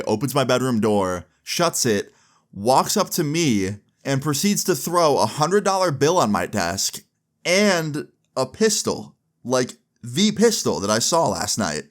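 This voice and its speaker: A young adult man casually narrating a personal story, full of "like" fillers and acting out quoted dialogue. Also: mid-range voice. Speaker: storytime vlogger.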